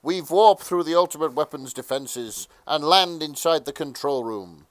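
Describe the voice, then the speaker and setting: A man narrating a comic fan fiction reading as host, mostly deadpan with bursts of laughter. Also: fairly high pitch, moderate pace, no echo.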